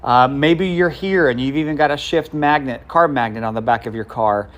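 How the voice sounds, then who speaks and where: A pastor with a medium-pitched, fairly bright voice preaches at a moderate pace in a conversational style. He adds asides, restarts sentences and puts questions to the congregation.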